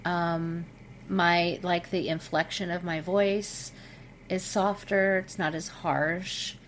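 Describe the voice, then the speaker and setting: A middle-aged woman speaking as a podcast guest over a video call, candid and expressive, with frequent fillers. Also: on the low side, takes it slowly, a little hiss or hum. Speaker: guest, intimacy coach. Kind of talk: casual podcast conversation.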